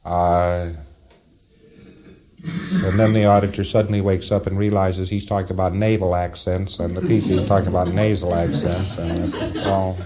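A man's voice: low-pitched, flat delivery, moderate pace, background noise. Chuckling male lecturer on dull tape. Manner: conversational, emphatic, chuckles often. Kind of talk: informal training lecture.

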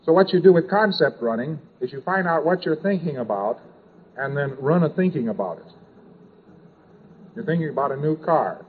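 A man's voice: fairly high pitch, animated, moderate pace, slight background noise. Man lecturing on a tinny old tape. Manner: rambling and repetitive, with sound effects and asides. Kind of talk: informal lecture.

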